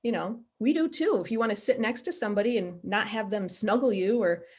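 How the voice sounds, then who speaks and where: Woman, animal behaviour expert on a video call, earnest and practical, mid pitch. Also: a little fast, a little mellow, breathy edge. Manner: earnest, practical, explains with everyday examples. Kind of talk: casual video call interview.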